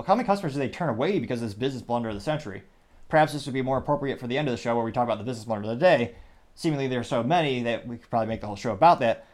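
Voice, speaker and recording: A man hosting a podcast, delivering an opinionated commentary monologue in a sarcastic, dismissive tone that rambles with many restarts. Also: on the high side. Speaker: podcast host.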